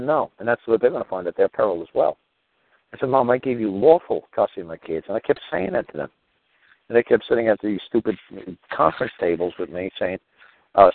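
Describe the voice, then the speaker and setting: A man's voice: mid-range voice, vocal fry, no room sound, phone-quality sound. A man hosting a podcast, telling a long story in a rambling, profane, heated way and acting out the people he quotes. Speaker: podcast host. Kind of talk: casual monologue.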